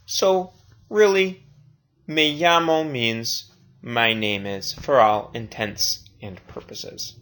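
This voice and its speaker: A man teaching a recorded language lesson, speaking slowly and deliberately and repeating each phrase twice. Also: medium pitch, pushed and bright. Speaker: Spanish teacher.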